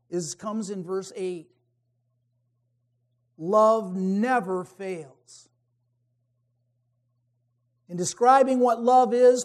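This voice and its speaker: Man, preacher, sermon, high voice, slow deliberate delivery, emphatic swings from loud to hushed. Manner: emphatic, rising to forceful peaks then dropping to quiet asides.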